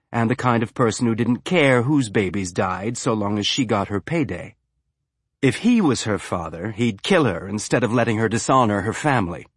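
Husky male audiobook narrator. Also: lowish voice, no room sound, clean studio sound. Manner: even, measured reading.

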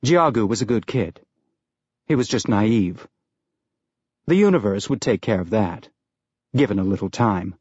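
A man narrating an audiobook in a measured, even storytelling manner. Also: lowish voice, slightly rough, dry recording, muffled recording. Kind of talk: scripted narration.

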